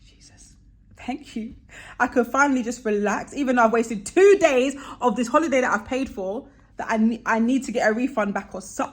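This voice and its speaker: A young woman vlogging, casually telling a travel story and acting out the voices of people she quotes with big jumps in pitch.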